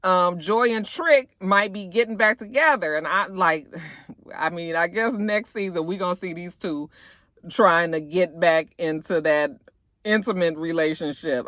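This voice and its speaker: A woman giving a casual, blunt and profane recap of a reality show, animated and laughing often. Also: fairly low pitch, unhurried, no echo, clean studio sound.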